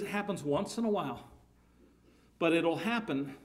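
A man's voice: fairly high pitch, expressive, unhurried, long pauses. A man preaching a sermon, emphatic, his voice rising and falling in volume, often repeating words.

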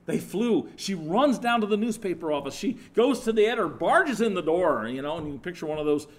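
Man preaching a sermon, conversational, animated storytelling, restarts and asides, somewhat high-pitched. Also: fairly quick.

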